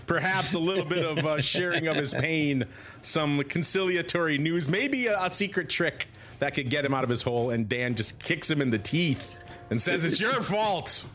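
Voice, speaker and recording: A middle-aged man hosting a podcast in casual banter, animated and digressive, often slipping into movie quotes. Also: on the high side, normal speed, faint music behind. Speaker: podcast host.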